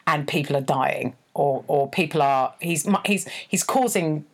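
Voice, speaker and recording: A woman's voice: low voice, measured pace. A woman co-hosting a podcast, chatting casually and self-deprecatingly, often restarting her sentences. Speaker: podcast co-host. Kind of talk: casual chat.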